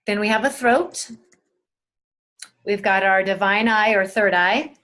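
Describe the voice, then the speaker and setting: Gentle woman teaching a spiritual webinar. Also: mid-range voice, unhurried. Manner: gentle, soothing, talks straight to listeners; asks listeners questions, repeats key words.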